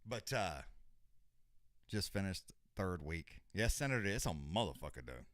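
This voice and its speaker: Older guy on a stream, low voice, swears a lot, keeps restarting sentences, dry close sound. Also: very animated, measured pace, fairly bright tone, no echo. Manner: rambling, profane, repeats and restarts often. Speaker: host of a live fight companion stream. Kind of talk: casual live-stream chat.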